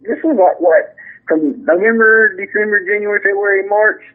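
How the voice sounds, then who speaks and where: A man with a Southern US accent, telling a long rambling story as a podcast guest, full of restarts and animated quoting. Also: high voice, moderate pace. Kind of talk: casual storytelling. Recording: tinny phone line.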